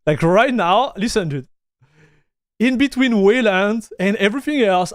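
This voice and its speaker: A young man from the south of France with a French accent, chatting casually on a live stream. His voice sits high and sounds smooth and clear. It is recorded dry and close, with no room sound, and he calls everyone buddy and dude. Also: expressive, measured pace, dry recording.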